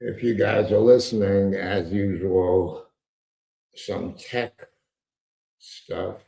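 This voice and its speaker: A man hosts a live market commentary stream, talking in a slow, gravelly voice that sits fairly low. He wanders through wry asides and mild cursing as he goes. The sound is roomy and echoey. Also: steady tone, dark tone. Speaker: trading show host. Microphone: earpiece with a microphone.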